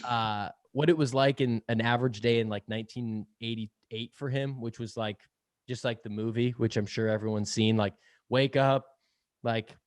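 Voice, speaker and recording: A young man talks loosely as a podcast guest, full of fillers and easy laughs, with the odd swear word. His voice sits at an ordinary middle pitch. The sound is dry and close, with no room around it. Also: steady tone, moderate pace, dry recording. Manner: rambling, filler-heavy, laughs often, swears casually. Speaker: podcast guest, sales podcast host. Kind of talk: casual interview chat.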